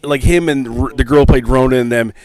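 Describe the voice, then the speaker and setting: A man's voice: mid-range voice, brisk, poor audio. A man co-hosting a casual movie podcast, joking around and dropping into silly voices. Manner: animated, jokey, slips into silly voices. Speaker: podcast co-host. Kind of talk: casual movie review chat.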